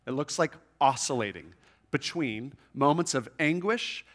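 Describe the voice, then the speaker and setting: A man preaching to a congregation in an earnest, conversational way. He talks at an ordinary pitch, often restarts his phrases and checks in with "right?". When he reads scripture aloud he slows down and grows soft. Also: lively intonation. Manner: reads scripture slowly and softly. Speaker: pastor. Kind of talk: sermon. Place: church room with a congregation.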